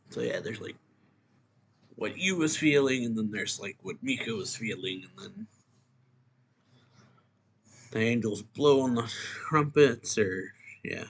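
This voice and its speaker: A man with a somewhat low voice talks through a comic chapter in a loose, offhand way. He keeps stopping and restarting with fillers as he goes. He is recorded close to the mic. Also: animated, vocal fry, husky. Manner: loose, halting retelling with fillers. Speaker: manga reviewer. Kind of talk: casual chapter recap.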